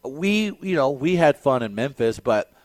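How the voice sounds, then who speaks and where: A man's voice: medium pitch, measured pace, no room sound. Emphatic man on a sports talk show. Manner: animated, emphatic opinions. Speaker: sports radio co-host.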